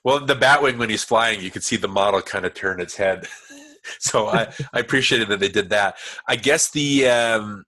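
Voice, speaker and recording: A man's voice: lowish voice, moderate pace, bright, forceful tone. A man hosting a podcast in a casual, chatty way, talking in loose, digressive sentences full of restarts. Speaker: podcast host.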